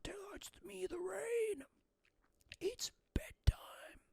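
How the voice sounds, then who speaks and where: A man voicing the rain as a coaxing spirit in a high, breathy whisper that keeps urging him to go to bed. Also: slow, no room sound, heavily acted.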